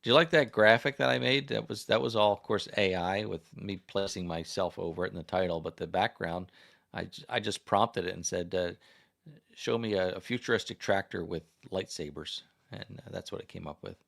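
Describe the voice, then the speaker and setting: A man's voice: sits low, fairly quick, gravelly, a bit bright. An American man hosting a casual livestream, chatting in a rambling way as he reads viewer comments and puts questions to the audience. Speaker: livestream host. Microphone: desk microphone.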